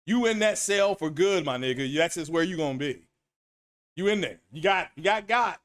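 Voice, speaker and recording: A man's voice: fairly high pitch, normal speed. A middle-aged man hosting a casual gaming talk stream, rambling and repeating himself as he answers chat. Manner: animated, rambling, repeats himself, reads chat names aloud. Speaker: gaming commentary host. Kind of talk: casual solo stream commentary.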